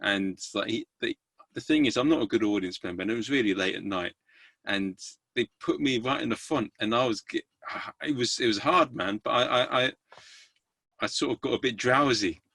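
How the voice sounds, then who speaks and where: A man hosts a podcast in easy conversation, his voice mid-pitched and recorded dry and close. He rambles, hesitates, and often restarts his sentences. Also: moderate pace, vocal fry, fairly bright tone, husky, dry recording. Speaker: podcast host. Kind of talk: casual interview chat.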